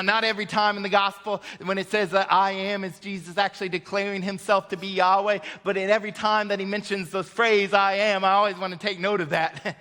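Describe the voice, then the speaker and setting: A high, bright-voiced man preaches a sermon from a church sanctuary, his words ringing out with long hall reverb. He is emphatic, swinging from soft, low passages to loud, high peaks, and drops light laughs between points. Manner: emphatic, rising and dropping sharply in pitch and volume. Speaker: pastor.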